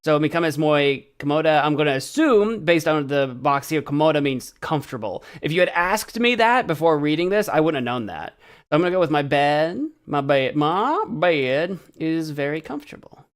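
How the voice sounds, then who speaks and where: A man's voice: on the high side, lively intonation, normal speed, smooth. A young man from the American Midwest chatting casually on a live stream, self-deprecating and stumbling over Spanish words as he practices. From central Illinois, US.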